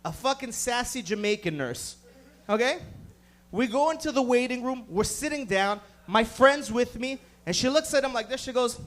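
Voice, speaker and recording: Brief: thirties male comic, high voice, rowdy and foul-mouthed on a club mic. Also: lively intonation, moderate pace, a bit bright. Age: 30s. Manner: profane, rowdy storytelling. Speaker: stand-up comedian. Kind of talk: stand-up comedy. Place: comedy club stage.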